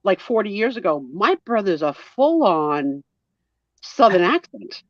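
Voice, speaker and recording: A woman's voice: mid-range voice, sing-song, unhurried, no room sound. A woman in her sixties with a New Jersey accent, chatting casually and telling family stories while mimicking other people's voices. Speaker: guest storyteller. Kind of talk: casual chat. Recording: muffled lo-fi audio.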